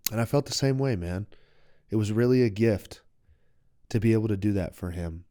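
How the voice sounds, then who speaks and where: A young man in his late twenties speaks in a smooth, clear voice that sits a little low. He tells a personal story openly and with feeling, and the sound is dry and close, as if recorded on a studio mic. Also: moderate pace, pauses often, dark tone, dry recording. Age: 20s. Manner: open, heartfelt, reflective. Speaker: podcast guest.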